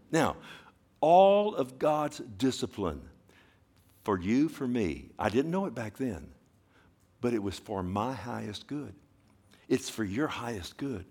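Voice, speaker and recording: Emphatic preacher man, loud and soft by turns. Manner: swings between loud emphatic bursts and low quiet asides; repeats words and asks the audience "Amen?". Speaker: pastor. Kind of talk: sermon.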